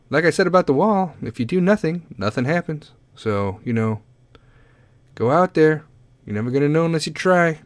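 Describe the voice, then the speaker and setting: A man's voice: mid-range voice, a little mellow, no room sound. A man hosting a comedy podcast, rambling casually with lots of swearing and pep talk. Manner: profane, rambling, motivational. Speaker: podcast host.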